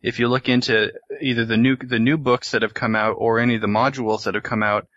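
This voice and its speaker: Guy cohosting a chatty podcast, bright voice, kinda muffled lo-fi sound. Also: medium pitch, flat delivery, quick pace. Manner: opinionated, thinks aloud with restarts. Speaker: podcast co-host. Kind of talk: casual panel discussion. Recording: dull lo-fi dry sound.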